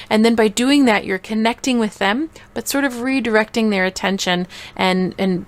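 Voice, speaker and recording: A woman parenting coach giving a short tips video in an energetic, playful way, acting out little examples. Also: a little high, normal speed, hardly any pauses.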